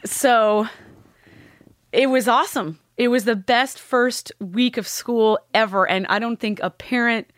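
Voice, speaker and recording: A woman's voice: fairly high pitch, no room sound. Candid woman telling a hard story. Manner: candid, halting, swears freely. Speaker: podcast guest. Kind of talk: emotional personal storytelling.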